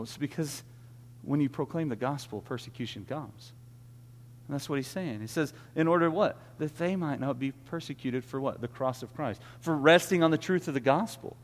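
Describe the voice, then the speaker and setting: A man preaching an earnest sermon, often restarting his words. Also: a little high. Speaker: pastor. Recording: long hall reverb.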